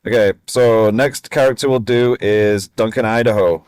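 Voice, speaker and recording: A man co-hosting a casual movie chat, briskly moving the group from one pick to the next. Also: on the low side, steady tone, darkish tone, smooth, no room sound. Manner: brisk, keeps the segment moving. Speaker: podcast co-host.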